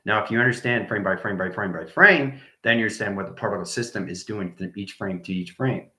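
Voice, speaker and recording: A man's voice: on the low side, brisk, bright, forceful tone, reverberant. A man giving a rambling, enthusiastic livestream talk to his viewers, repeating himself and dropping into whispers now and then. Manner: enthusiastic, repetitive, drifts into whispers. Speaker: online spiritual teacher.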